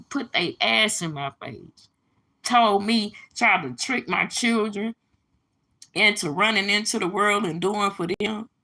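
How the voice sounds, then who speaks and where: A middle-aged woman speaking on a casual livestream, preachy and emphatic, with a blunt, profane edge as she addresses her viewers directly. Her voice is gravelly and husky, with a tense, bright bite to it. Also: medium pitch. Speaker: livestream host.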